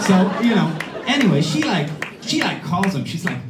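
A man telling a story on stage before a live audience in a loose, animated way, peppered with "right?" and "like", dropping into muttered voices when he quotes others. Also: on the high side, brisk, distant mic, a crowd in the background. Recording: roomy live venue, audience noise. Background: audience laughter.

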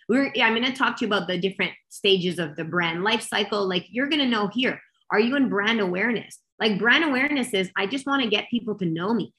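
Expressive woman coach, roomy sound. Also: medium pitch. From Canada. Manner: emphatic and expressive, many quick restarts. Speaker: business coach, guest. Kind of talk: energetic coaching talk.

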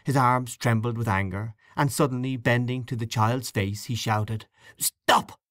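A man narrating a classic short story in a measured, quietly expressive reading. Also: mid-range voice, dry recording, clean studio sound. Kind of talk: literary audiobook reading.

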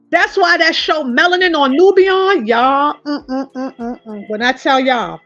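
A woman giving casual commentary, telling stories in a lively way and speaking directly to her viewers. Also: high-pitched, no room sound, dull audio. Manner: animated storytelling, addressing viewers as "y'all". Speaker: online commentator.

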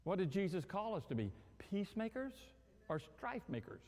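A male pastor preaching a sermon in an animated, humorous way, acting out everyday scenes. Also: high voice, normal speed, long reverb tail. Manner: animated, acts out quarrels and phone calls with humor.

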